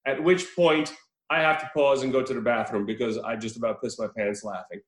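A man hosting a casual podcast chat, telling a story in an animated way, laughing often and swearing freely. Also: medium pitch, a little fast. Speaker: podcast host reviewing a film. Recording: roomy echo.

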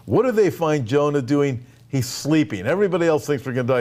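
Animated pastor with a slightly high voice. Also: male voice, brisk, hardly any pauses, a little hiss or hum. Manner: conversational, animated retelling with asides. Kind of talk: sermon.

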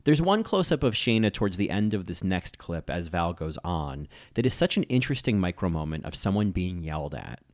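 Low, lively-voiced man, TV critic reading a scripted essay, analytical. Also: brisk, few pauses. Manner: analytical, admiring. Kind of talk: scripted video-essay narration.

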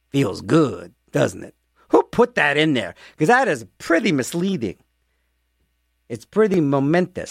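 A man's voice: on the high side, no room sound, clean studio sound. A man hosting a casual radio music show, rambling and joking to himself between songs. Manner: rambling, jokey, talks to himself. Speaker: radio host.

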